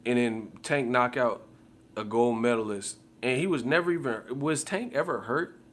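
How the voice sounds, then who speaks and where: A man's voice: medium pitch, normal speed, a little hiss or hum. Heated, profane male boxing commentator. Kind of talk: casual rant.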